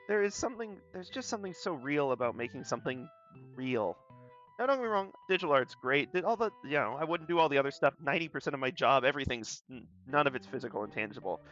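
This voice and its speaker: Young man, light Southern accent, rambling and folksy, bright tense voice, dull recording with faint guitar music. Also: fairly high pitch. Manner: rambling, self-deprecating, folksy. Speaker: art streamer. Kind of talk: casual chat while drawing.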